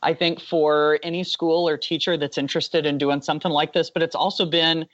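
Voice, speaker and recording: A man with a slightly high voice wraps up a podcast interview in an earnest, appreciative way. The sound is dry and a bit dull. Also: level tone, brisk, a bit bright, no echo. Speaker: podcast co-host. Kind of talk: warm wrap-up of a podcast interview.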